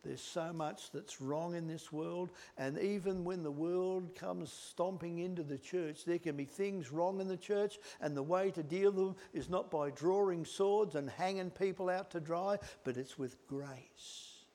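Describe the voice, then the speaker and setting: A middle-aged male preacher giving a sermon, swinging from loud emphatic lines to hushed whispered words. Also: high-pitched, measured pace, few pauses.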